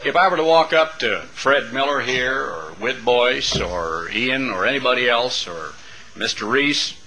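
A man's voice: mid-range voice, expressive, a little slow, pushed and bright, rough recording. A middle-aged man preaching a sermon to a congregation, building dramatic, rhythmic lists of phrases. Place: church sanctuary before a congregation.

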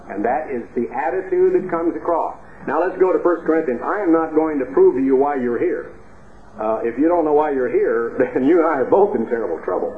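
A man's voice: a little high, lively intonation, brisk. A man from the United States preaching a sermon with emphatic rhetorical questions. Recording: tinny echoey hall recording, faint hiss.

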